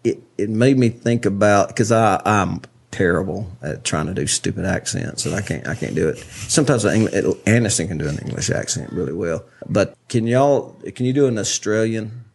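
A man's voice: fairly low pitch, expressive, moderate pace, vocal fry, hardly any pauses, slightly rough. A man, hosting a casual podcast chat, rambling and laughing often. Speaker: podcast host.

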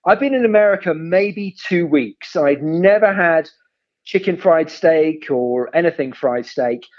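A man's voice: fairly high pitch, unhurried, highs cut off. An English man from England, a podcast guest, telling stories with polite, wry humor in casual chat. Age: adult.

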